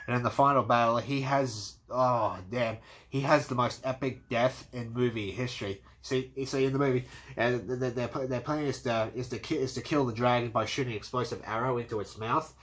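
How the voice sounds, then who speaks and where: A man giving an excitable, casual movie review, swearing freely and acting out scenes. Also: medium pitch, brisk. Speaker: movie commentator.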